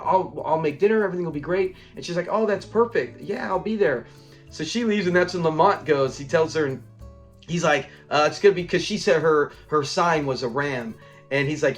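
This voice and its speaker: Male reviewer, casual recap, acts out quotes; mid-high voice with soft music under. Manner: rambling retelling, acts out lines and laughs. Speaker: show reviewer.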